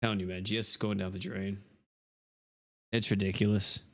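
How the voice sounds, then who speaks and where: A man's voice: fairly low pitch, flat delivery, fairly quick, fairly bright tone. A young man livestreaming a game, rambling casually and exasperatedly to his chat viewers.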